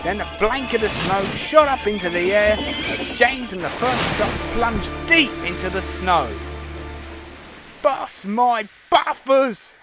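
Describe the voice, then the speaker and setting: A man narrating a children's storybook in an expressive, lively reading. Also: high-pitched, moderate pace. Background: loud music.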